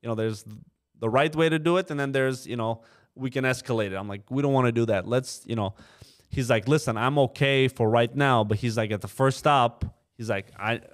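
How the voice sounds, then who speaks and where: In a casual podcast interview, a young guest who co-owns a trucking company recounts a story, imitating quoted people's voices and relying on fillers such as "you know." He talks a little fast at a medium pitch.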